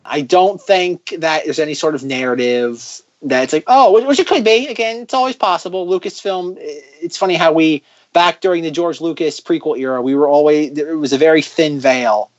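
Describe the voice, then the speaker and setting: A man's voice: on the high side, moderate pace, hardly any pauses. A man co-hosting a podcast, chatting casually and joking, rambling with many restarts. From United States. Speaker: podcast co-host. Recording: dull lo-fi audio.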